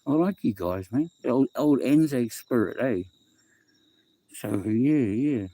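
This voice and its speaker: A middle-aged New Zealand man rambles through a casual phone livestream, restarting sentences and tossing in "bro" and "eh". His voice is mellow and relaxed, recorded dry and close with no room sound. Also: mid-range voice, slow, no echo. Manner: rambling, repeats himself, reads chat aloud, says bro and eh. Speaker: livestream host. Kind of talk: casual livestream chat with viewers.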